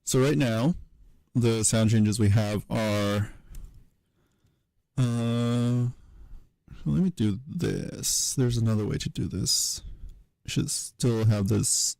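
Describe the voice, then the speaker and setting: A man giving a casual livestream tutorial, thinking aloud at his computer in a halting way, with many fillers and self-corrections. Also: medium pitch, vocal fry, a little mellow, no room sound, low-quality recording. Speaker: streamer teaching historical linguistics.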